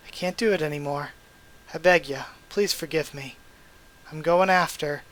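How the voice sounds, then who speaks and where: A man voicing a weary, guilt-ridden adult male survivor, with a quiet, resigned reading voice. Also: on the high side, moderate pace, lightly acted, rough recording. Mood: grieving.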